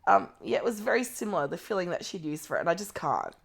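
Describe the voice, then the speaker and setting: A woman from Australia co-hosting a casual chat podcast, making wry deadpan jokes and swearing now and then. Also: fairly low pitch, quick pace, creaky, breathy edge. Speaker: podcast co-host.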